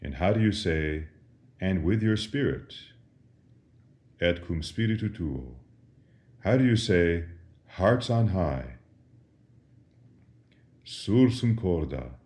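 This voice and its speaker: Very deep, slow-spoken priest teaching Latin. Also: male voice, expressive, darkish tone. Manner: patient, deliberate, pauses for the listener to answer. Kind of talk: slow catechism lesson with call and response. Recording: roomy echo.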